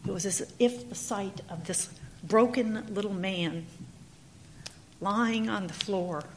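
Woman pastor doing sermon storytelling, animated and dramatic, mid pitch, bit of background hiss. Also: takes it slowly. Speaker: preacher. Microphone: handheld or clip mic.

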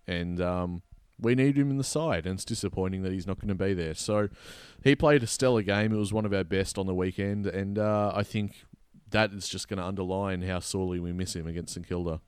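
An Australian co-host on a casual footy podcast speaks in a low, smooth, resonant voice, recorded close and dry with no echo. He tells a story with lively, mock-outraged flair that climbs into sharp exasperation.

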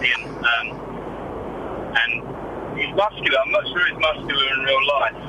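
A man's voice: mid-range voice, a little slow, noisy background. A man in his twenties with an English accent and a slight Australian twang, phoning in sheepishly from his car. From England. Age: 20s. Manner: sheepish, laughs things off. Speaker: caller.

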